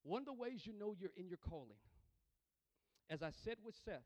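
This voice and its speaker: A man's voice: high-pitched, sing-song, brisk, darkish tone, dry recording. A man preaching a sermon as pastor, calling for responses from the congregation and often repeating words and restarting lines as he goes.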